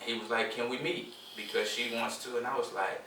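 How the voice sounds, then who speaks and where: Fast, bright-voiced man in an echoey room. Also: mid-range voice, slight background noise. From Houston, Texas. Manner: animated storyteller acting out quoted dialogue. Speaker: podcast co-host. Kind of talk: casual group chat. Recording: echoey room, mic at a distance.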